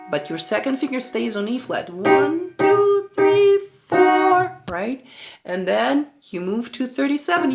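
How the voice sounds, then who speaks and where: A woman piano teacher giving a play-along lesson, patiently explaining and counting rhythms aloud, with a piano playing behind her. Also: on the high side. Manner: patient, checks in with "right?" often; counts and sings rhythms aloud while demonstrating. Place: room with a piano.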